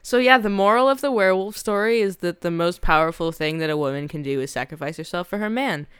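A woman co-hosting a podcast in casual chat, delivering deadpan, sarcastic quips. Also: fairly low pitch, fast talker, clean tone, no echo, studio quality. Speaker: podcast co-host.

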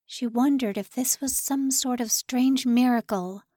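A woman reads a novel aloud as an audiobook narrator, calm and measured in her storytelling. She takes her time, unhurried and even, and the close microphone sounds dry with no room around it. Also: high voice, dry recording.

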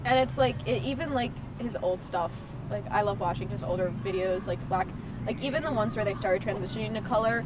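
A woman's voice: medium pitch, fairly quick, heavy background noise. A nineteen-year-old woman guesting on a podcast, talking with gushing enthusiasm and lots of "like". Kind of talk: casual podcast chat.

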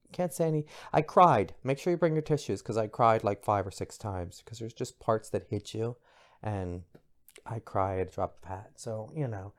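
A middle-aged man hosting a podcast, chatting in a gossipy, expressive way with bursts of high exclamation. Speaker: podcast host. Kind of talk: casual pop culture commentary.

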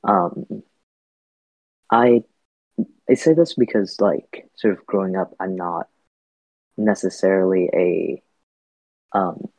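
Husky low-voiced man, thoughtful and hesitant. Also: slow pace, long pauses, a little mellow, no room sound. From Vietnam. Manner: thoughtful, hesitant, with frequent fillers and restarts. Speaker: podcast guest. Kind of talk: reflective podcast conversation. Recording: dull, lo-fi podcast audio.

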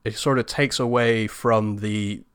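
A man's voice: fairly low pitch, fairly even intonation, a little slow, clean tone, no echo, studio quality. A man co-hosting a film review podcast, talking bluntly with a sarcastic edge. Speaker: podcast co-host. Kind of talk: casual film review chat.

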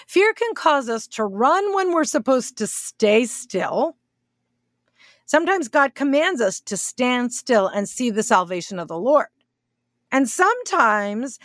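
A woman's voice: high voice, no room sound, clean studio sound. A woman teaching a Bible study series, reading scripture aloud and explaining it with frequent check-ins to her listeners.

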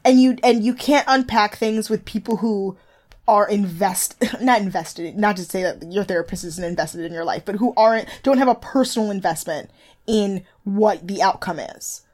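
Young woman co-host, loose and animated, laughs easily, conversational recap talk. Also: normal speed. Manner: animated, laughs often, jumps to high squeals when mimicking. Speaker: podcast co-host. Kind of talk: casual chat.

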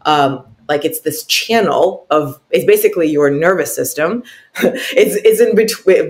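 Earnest woman coach who keeps saying "right?". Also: low-pitched. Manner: keeps adding "right?" tag questions; flowing, emphatic and searching, with repeated words. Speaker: guest, intuitive coach. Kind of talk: earnest coaching talk in an interview.

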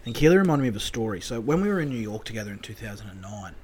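A man's voice: lowish voice, very fast, slight background noise. Australian man telling rambling stories. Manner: rambling, animated storyteller, swears freely. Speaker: podcast co-host. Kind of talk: casual storytelling chat.

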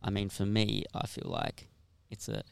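Male co-host with a low, gravelly voice and a dry, close sound, asking curious questions in a loose chat. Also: completely flat delivery, normal speed, no room sound. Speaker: podcast co-host. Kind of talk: casual chat. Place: aboard a ferry.

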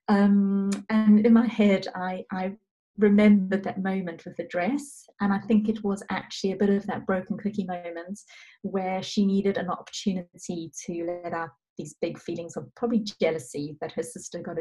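A woman in her thirties talks as a guest in a relaxed interview. Her voice is warm and mellow, and she sits at an ordinary middle pitch. She tells her story gently, stopping now and then to gather her thoughts. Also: low-quality recording. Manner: gentle storytelling with frequent pauses. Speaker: guest parenting expert. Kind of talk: casual interview talk.

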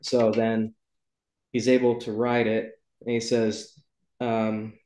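A man's voice: lowish voice, completely flat delivery, slow pace, darkish tone. A man hosting a casual book club chat, talking loosely and rambling, with lots of ums and self-corrections. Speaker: podcast host. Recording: roomy echo.

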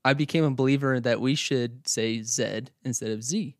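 A man from Oklahoma who now talks, co-hosting a podcast in relaxed, chatty conversation with frequent laughter. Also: medium pitch, moderate pace, no echo, studio quality. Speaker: podcast co-host. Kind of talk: casual chat.

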